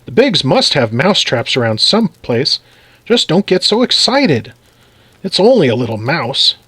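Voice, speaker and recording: An easygoing husband who keeps trying to calm things down, as a man plays him. His voice rises a touch and moves freely. The sound is close and dry. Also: fairly high pitch, measured pace, breathy edge, dry recording, exaggerated voice. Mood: soothing. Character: adult man homeowner, easygoing and calming.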